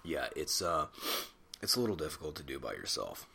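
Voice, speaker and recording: A man's voice: extremely low pitch, sing-song, brisk, gravelly, pushed and bright, slight background noise. A man in his twenties hosting a solo podcast on a desktop mic at home, rambling and self-conscious, swearing casually. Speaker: podcast host. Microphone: desktop USB mic.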